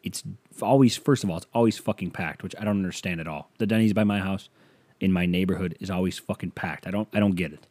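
Low mellow-voiced man ranting casually. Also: quick pace. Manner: casual, profane, exasperated ranting with loud outbursts. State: tired, yawning. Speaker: podcast host. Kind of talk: solo podcast rant.

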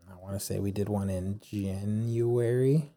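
A man's voice: on the low side, fairly even intonation, unhurried, warm tone. A man co-hosting a podcast in casual chat, chatty and full of questions. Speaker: podcast co-host.

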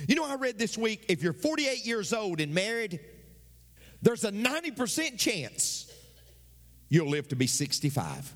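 A male pastor preaching a sermon, his voice climbing high toward near shouts. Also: huge pitch swings, normal speed. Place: church. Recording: long reverb of a church hall.

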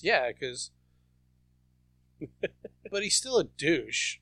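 A man co-hosting a casual podcast with a bright, fairly high voice. He tells crude, mocking stories. The sound is dry and close. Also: sing-song, takes it slowly, dry recording. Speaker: podcast co-host. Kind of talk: casual chat.

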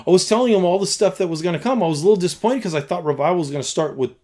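A man with a somewhat raised voice tells a story in conversation, as a youth pastor. He acts out his own past thoughts and lines. His delivery is animated, going from loud bursts down to near-hushed tones. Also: high-pitched, racing.

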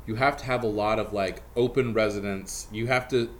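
A man's voice: on the low side, steady tone. Man, comedic explainer, casual chat, light room hiss. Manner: joking, explains with quick asides. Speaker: comedian teaching barbershop singing.

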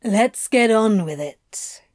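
A woman's voice: medium pitch, expressive, slow, darkish tone, no echo, studio quality. A woman voicing a prickly, defiant male demon who answers in a curt, clipped and sullen way. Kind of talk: audiobook character voice.

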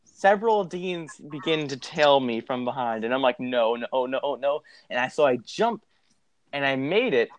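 A young man telling a story in a casual, animated way, swearing and laughing as he goes. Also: medium pitch, normal speed.

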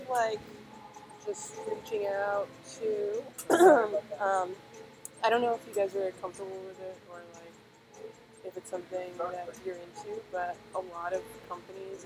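A young woman chatting casually, rambling and filling her talk with pauses and fillers. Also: medium pitch. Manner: rambling, filler-heavy storytelling. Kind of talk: casual chat. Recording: noisy background.

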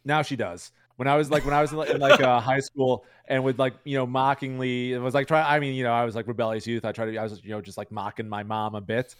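A man's voice: mid-range voice, level tone, quick pace, hardly any pauses, smooth, dry recording, studio quality. A man talking as a streamer guest in a casual interview, rambling with lots of "like" and "you know" fillers.

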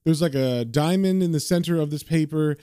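A man's voice: on the high side, fairly quick, mellow, clear, resonant tone, no echo, clean studio sound. A man casually retelling and reading a comic book aloud as host, with conversational fillers.

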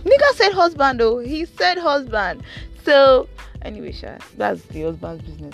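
A woman's voice: fairly high pitch, big pitch swings, normal speed, creaky, a bit bright, soft background music. A young woman with a Nigerian accent chatting playfully about her week in a car, slipping into Pidgin. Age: young adult. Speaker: vlogger. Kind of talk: casual storytelling chat.

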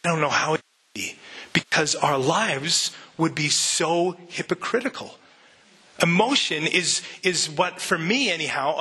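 Earnest bright-voiced male pastor preaching. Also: on the high side, a little slow, husky. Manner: earnest, conversational preaching with frequent restarts. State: emotional, near tears. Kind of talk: sermon. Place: church sanctuary.

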